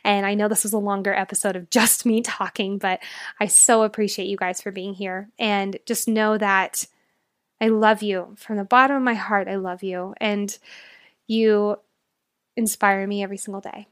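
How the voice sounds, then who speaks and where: A woman's voice: mid-range voice, steady tone, normal speed, fairly bright tone, clear, resonant tone, no echo. Brief: young woman life coach, solo podcast host, heartfelt and motivational, dry close mic. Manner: earnest, emotional, motivational.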